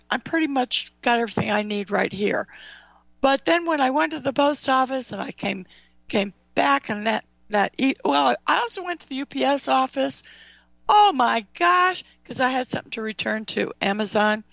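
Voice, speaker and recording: A woman's voice: sits high, gravelly, a bit bright, no echo. A woman hosting a talk radio show, ranting angrily about current affairs with apologetic asides. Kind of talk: heated talk radio chat. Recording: dull dry radio audio.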